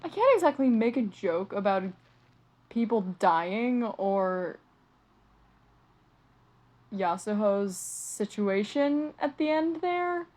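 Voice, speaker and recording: A woman hosts a casual read-aloud of a comic and reacts as she goes. Her delivery is halting and rambling, with frequent swearing and stumbles over words. She sounds drained and deflated throughout. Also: medium pitch, big pitch swings, darkish tone. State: weary and deflated. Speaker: channel host reading a manga aloud.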